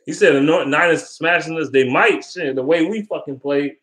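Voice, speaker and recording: A man's voice: fairly high pitch, normal speed, fairly bright tone. A young man in a casual, heated sports rant, swearing a lot and rambling between points. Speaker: sports fan vlogger.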